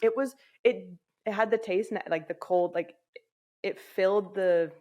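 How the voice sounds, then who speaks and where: A woman's voice: medium pitch, steady tone, measured pace, mellow. Here is a young woman from England, chatting as a podcast guest. She talks frankly and swears freely. She laughs often and acts out her own thoughts in quoted asides. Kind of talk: casual chat.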